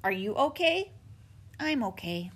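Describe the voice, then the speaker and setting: A woman doing a tiny worried gosling boy, squeaky high and jumpy, full of nervous questions, breathy. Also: big pitch swings, unhurried, heavily acted. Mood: anxious. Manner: high, eager, fretful questions. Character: young worried male gosling, anxious and curious.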